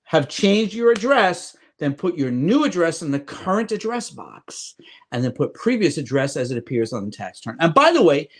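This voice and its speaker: A man's voice: a little high, very animated, moderate pace, slight background noise. A middle-aged man with a slight Irish accent, co-hosting a casual advice podcast from home and joking as he rambles. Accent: Irish-tinged. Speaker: podcast co-host, loan adviser.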